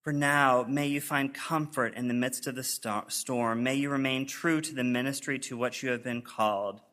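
Man, pastor, church sermon, earnest measured reading, crisp bright tone. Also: mid-range voice, steady tone. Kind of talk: sermon, reading letters aloud. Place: church sanctuary.

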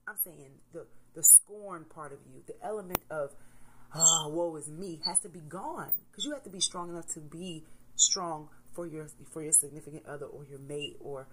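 A woman in her thirties, a mother, talking candidly to camera in a casual motivational vlog, swinging between soft reflection and loud emphasis. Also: sits low, moderate pace, background noise. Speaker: vlogger, mother.

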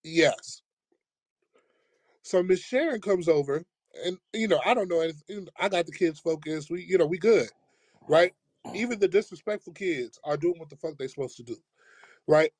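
A man tells a school story with lively energy. His voice sits a little high for a man, and he acts out everyone he quotes. The sound is dry and close. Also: normal speed, long pauses, no room sound. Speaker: podcast host, teacher. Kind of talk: casual storytelling chat.

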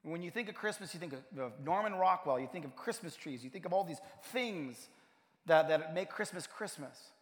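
A pastor preaching a sermon in a church, telling a personal story and building to emphatic points. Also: male voice, fairly high pitch, lively intonation, normal speed. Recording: long hall reverb.

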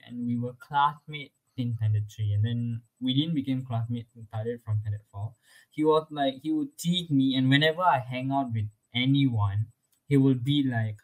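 A young man recounts his own experiences in a loose, chatty way. His voice sits in an ordinary middle pitch, and his telling is full of "like" fillers and quick laughs. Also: fairly bright tone, rough recording. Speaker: interviewee. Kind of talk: casual personal story.

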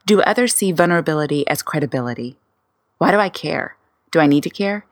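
A woman in her forties hosts a solo podcast. Her voice sits low with a gravelly grain, and the close, dry recording has no room sound. She rattles off candid, self-questioning rhetorical questions with a wry touch. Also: expressive, brisk, no echo. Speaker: podcast host.

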